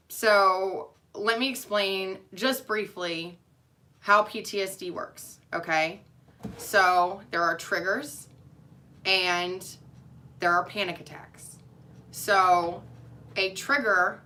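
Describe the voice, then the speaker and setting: A young woman talks straight to her friends and family in a personal vlog, open and emotional, drifting between thoughts with plenty of ums. Her voice is bright and clear, sitting at a middle pitch. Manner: candid, rambling, emotional, frequent um fillers. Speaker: nurse.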